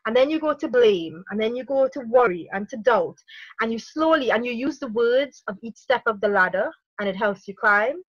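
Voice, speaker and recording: A woman coaching on parenting in a podcast interview, energetic, acting out inner thoughts as little quoted lines. Her voice sits a little high. The recording is dry and a little dull. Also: a little fast, no echo.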